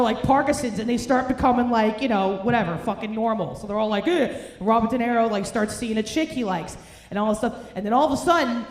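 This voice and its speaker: Brash profane New comedienne. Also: female voice, fairly high pitch. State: hungover. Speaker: stand-up comedian. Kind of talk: stand-up comedy set. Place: comedy club stage. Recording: roomy club sound, faint noise.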